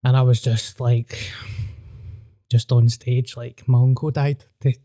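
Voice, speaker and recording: A man's voice: mid-range voice, flat delivery, unhurried, dark tone, dry recording, studio quality. A man with a Glaswegian Scottish accent, a comedian hosting a podcast, chatting bluntly with sweary, self-mocking banter. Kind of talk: casual podcast chat.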